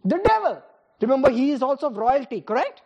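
A woman preaching with a high, breathy voice that swoops up and down. She fires rhetorical questions at the congregation, calls on listeners by name, and laughs often between points. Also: sing-song, fast talker, darkish tone, lo-fi sound. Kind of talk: sermon.

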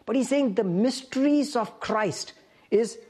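A woman's voice: a little high, unhurried, mellow, breathy edge. A woman preaching a sermon, reading scripture aloud and asking the congregation questions.

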